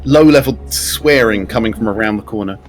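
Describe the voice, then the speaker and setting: A man's voice: lowish voice, brisk. A man running a tabletop game as game master, describing scenes in an easygoing way and asking the players what they do.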